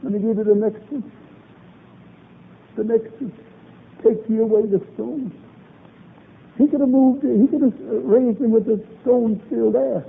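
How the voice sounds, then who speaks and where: High-voiced fervent preacher, tinny recording. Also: male voice, measured pace, gravelly, pauses often, husky. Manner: fervent, emphatic, repeats lines for emphasis. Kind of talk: revival sermon.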